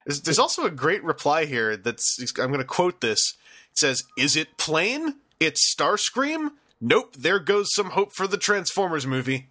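A young man with a bright, fairly high voice hosts a casual podcast. He rambles and jokes as he reads out news and reader comments. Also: very animated, normal speed. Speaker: podcast host and producer. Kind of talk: casual chat.

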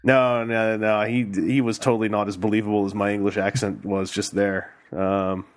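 A man's voice: on the low side, little pitch movement, normal speed. Playful male podcast host. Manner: jokey, playful, reads listener questions aloud. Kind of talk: casual podcast chat.

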